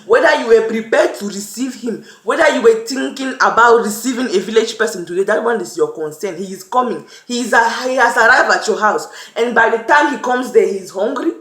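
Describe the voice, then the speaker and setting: A young Cameroonian vlogger talks earnestly to camera about her life, acting out little quotes along the way. Her slightly high, somewhat bright voice is brisk with hardly any pauses, and the room sounds echoey.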